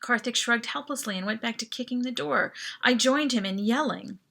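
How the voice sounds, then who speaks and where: A woman author reading her own novel aloud as lively, expressive first-person narration. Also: a little high, normal speed, vocal fry.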